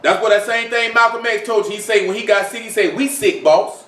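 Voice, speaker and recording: A man's voice: sits high, steady tone, fast, sharp tone. A man preaching an informal sermon, talking conversationally with many rhetorical questions and repeated phrases. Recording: echoey room, mic far off.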